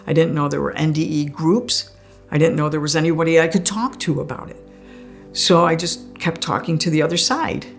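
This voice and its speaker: A woman's voice: sits low, brisk, faint music behind. A woman telling her own story in a conversational way, often laughing as she speaks. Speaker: guest sharing a near-death experience. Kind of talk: personal storytelling.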